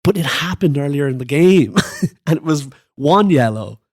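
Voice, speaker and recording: A man's voice: animated, moderate pace, a little mellow. Man in casual football banter. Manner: laughs often, rises in pitch when indignant. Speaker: podcast co-host.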